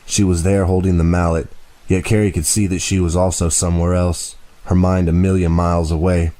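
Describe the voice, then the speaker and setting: A man narrating a horror audiobook in a steady, even storytelling voice. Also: deep voice, fairly quick, poor audio.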